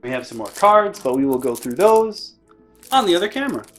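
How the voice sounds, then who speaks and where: A man's voice: high voice, big pitch swings, a little fast, a bit bright, faint music behind. A chatty man narrating a board game unboxing in a casual, self-deprecating way, often correcting himself mid-sentence.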